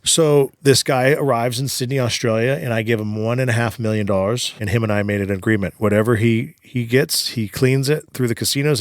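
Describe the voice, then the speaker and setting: A man's voice: lowish voice, dry recording, studio quality. A man guest on a podcast, telling a long story in a casual, profane way with lots of "like" fillers. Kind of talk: animated storytelling in casual conversation.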